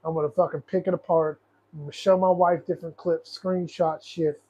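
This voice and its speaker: Man, high voice, profane frustrated rant, rambling livestream host, dull lo-fi audio. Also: level tone, a little fast, dark tone, husky. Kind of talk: casual political commentary livestream.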